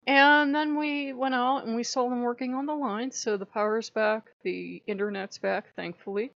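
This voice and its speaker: A woman's voice: a little high, steady tone, normal speed, gravelly, a bit bright, dry recording, dull audio. A woman telling a personal story in a chatty vlog, often breaking into laughter. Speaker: channel host.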